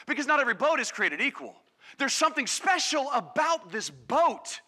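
A man preaching a sermon to a congregation, energetic and calling on the crowd, acting out quoted voices. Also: very high-pitched, quick pace. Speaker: pastor. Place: church service.

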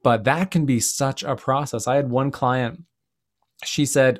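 A man's voice: medium pitch, steady tone, moderate pace. Reflective man hosting a podcast chat. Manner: reflective, storytelling, leans on "like" and "you know". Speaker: podcast host. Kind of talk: casual conversational interview.

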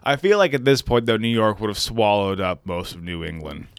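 A man's voice: lowish voice, fairly quick, clear, resonant tone, no room sound, clean studio sound. A man in his thirties hosting a podcast, chatting casually, joking around and swearing freely. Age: 30s. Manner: animated, jokey, swears freely. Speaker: podcast host. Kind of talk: casual chat.

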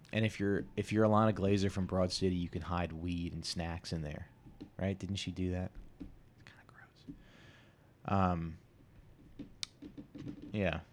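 Rambling, crude man with a low voice. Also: a little hiss or hum. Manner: crude, self-deprecating, halting with many restarts. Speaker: podcast host. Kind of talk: rambling solo podcast monologue.

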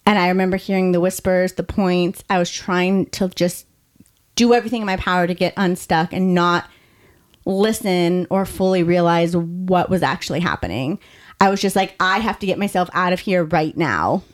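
A young adult woman hosting a podcast, telling her own story in a candid, heartfelt way with quick bursts of speech. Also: lowish voice.

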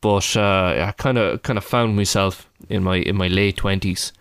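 A man's voice: low-pitched, steady tone, normal speed, vocal fry, fairly bright tone, smooth, dry recording, studio quality. A man in his thirties with an Irish accent, co-hosting a podcast in a rambling, chatty way full of fillers. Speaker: podcast co-host. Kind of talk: casual podcast chat.

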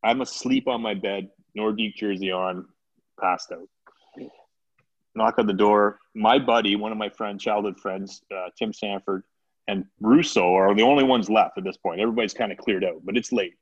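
Male guest, casual storyteller, animated delivery with acted quotes; dull lo-fi recording. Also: on the low side, moderate pace. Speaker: podcast guest.

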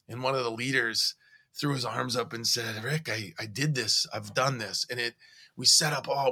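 Man, podcast co-host, bright forceful voice, lively storytelling. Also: medium pitch. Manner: animated storyteller, recounting conversations. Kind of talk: casual podcast conversation.

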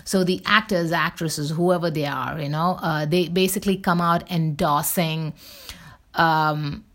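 Rambling chatty woman, fairly low voice. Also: fairly even intonation, a little slow, fairly bright tone. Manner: rambling, many fillers and restarts; candid, chatty. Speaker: show host. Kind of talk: casual solo talk.

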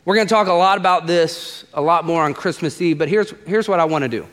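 A man preaching a sermon as pastor, animated and emphatic, repeating lines for stress and acting out the voices in his quotes. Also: a little high, fast, long reverb tail.

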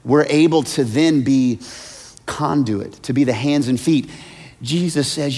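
A man preaching a sermon as a pastor, swinging between hushed, almost whispered asides and loud, high-pitched shouts. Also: unhurried. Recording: long hall reverb.

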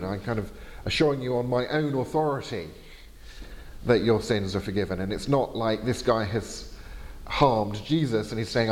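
A man's voice: on the low side, unhurried, a little mellow. Guy giving a lecture, lots of uhs, long reverb from the hall. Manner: explanatory, frequent hesitations. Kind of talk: university lecture.

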